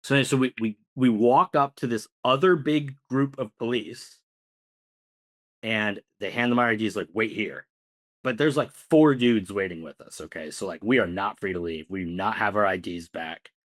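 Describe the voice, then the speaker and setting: A man's voice: lowish voice, moderate pace, fairly bright tone. A man co-hosting a podcast, telling a long story casually with many fillers. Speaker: podcast co-host.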